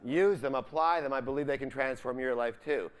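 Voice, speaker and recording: A man's voice: mid-range voice, a little fast, clear, resonant tone. A man giving a live seminar, full of upbeat energy, constantly asking the audience questions and leaving the ends of his sentences for them to fill in. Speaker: seminar speaker.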